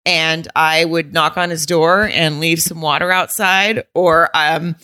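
A woman's voice: sits low, fairly even intonation, measured pace, bright, forceful tone, smooth, no room sound, studio quality. A woman from the Southern United States co-hosting a podcast, blunt and rambling in casual chat. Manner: blunt, rambling, swears freely. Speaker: podcast co-host.

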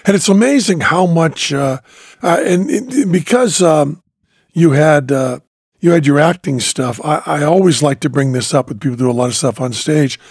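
A man's voice: fairly high pitch, normal speed, breathy edge, dry recording, clean studio sound. A man hosting a podcast, telling stories in a reflective way with many fillers and restarts. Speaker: podcast host. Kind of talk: casual conversation.

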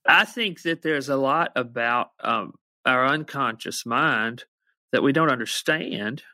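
A man's voice: mid-range voice, a little slow, sharp tone, no room sound. A man musician as a podcast guest, talking in a wry, reflective, joking way. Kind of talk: casual podcast conversation.

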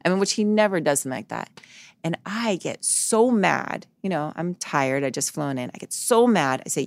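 A woman's voice: low voice, animated, moderate pace, creaky, dry recording. A woman psychologist, a guest in a podcast interview, telling stories earnestly and acting out the quoted dialogue.

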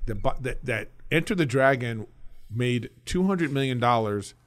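A man's voice: medium pitch, lively intonation, moderate pace. A man co-hosting a podcast, ribbing the others in casual chat. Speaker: podcast co-host.

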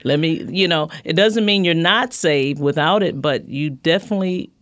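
A woman's voice: sits low, moderate pace, fairly bright tone, no echo. Middle-aged woman, pastor, guest interview, earnest, repeats herself, dry booth sound. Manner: earnest, repeats words as she builds a point. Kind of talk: casual conversational interview.

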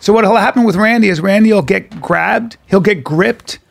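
A man's voice: sits high, normal speed. A man co-hosting a podcast, speaking bluntly and knowingly in casual chat. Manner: gravelly, husky, blunt and knowing.

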